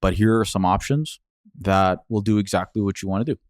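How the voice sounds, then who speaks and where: A male entrepreneur guest explaining things in a steady, practical manner over casual interview chat. His voice sits low and the recording is dry and close-miked. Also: a little fast, no echo.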